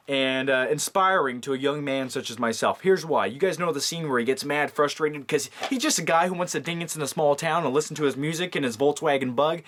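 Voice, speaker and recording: A man's voice: on the high side, fairly bright tone. A man in a casual, comedic movie vlog, jokey and rambling with lots of fillers. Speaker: movie vlogger.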